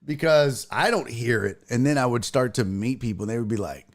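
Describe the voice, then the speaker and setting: A man's voice: mid-range voice, brisk. A middle-aged man hosting a sports podcast, chatting casually and telling jokey stories with quoted voices. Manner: joking, tells stories with acted quotes. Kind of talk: casual chat.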